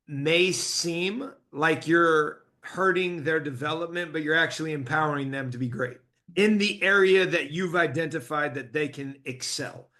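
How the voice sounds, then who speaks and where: Male host, coach himself; reflective, bright and slightly high voice. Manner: reflective, drawing lessons from the guest's stories. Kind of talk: casual interview chat.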